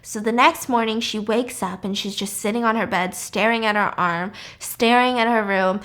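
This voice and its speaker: A woman's voice: medium pitch, fairly even intonation, moderate pace, a bit bright. A woman casually recapping a film plot in a chatty way, with lots of fillers. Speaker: YouTuber.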